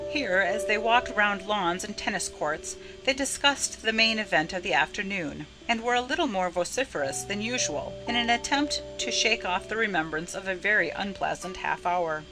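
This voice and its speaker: A woman reading a novel chapter aloud in a measured, expressive narration. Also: medium pitch, poor audio. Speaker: audiobook narrator. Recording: narration with music underneath. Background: music.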